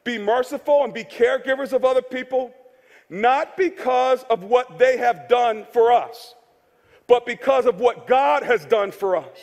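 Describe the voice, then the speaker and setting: Pastor guy preaching, jokey and chatty, really high voice, long echo like a big church hall. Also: unhurried. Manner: conversational, joking, repeats key phrases for emphasis. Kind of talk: sermon. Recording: long reverb of a large hall.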